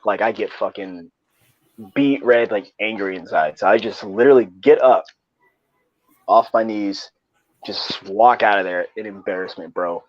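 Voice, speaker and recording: A man's voice: fairly low pitch, moderate pace, dry recording. A young man casually telling a rambling, profane story in slangy talk. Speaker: podcast co-host. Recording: dull lo-fi dry sound.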